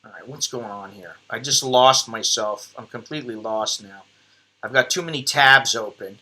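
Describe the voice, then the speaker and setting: American man, middle-aged, casual live-stream host, rambling, self-deprecating, very bright voice. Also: mid-range voice, moderate pace. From United States.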